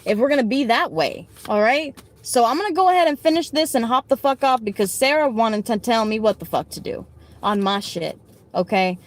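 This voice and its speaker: A woman in her late twenties chatting casually on a live stream, giving card readings, blunt and swearing freely with quick asides. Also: on the high side, lively intonation. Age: late 20s. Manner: blunt, heavy swearing, talks back to chat.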